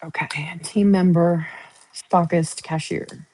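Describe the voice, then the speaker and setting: A woman's voice: on the low side, steady tone, slow pace, a little mellow, low-quality recording. A woman hosting a casual livestream from home, chatting, joking and teasing as she talks. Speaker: livestream host. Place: at home, painting her nails.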